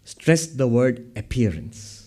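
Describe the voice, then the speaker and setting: A man's voice: mid-range voice, very animated, slow, a little mellow. Man lecturing with rhetorical questions. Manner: explanatory, asks the audience rhetorical questions. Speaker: lecturer on Vedanta. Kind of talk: public lecture. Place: hall with a podium. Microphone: speaking at a podium.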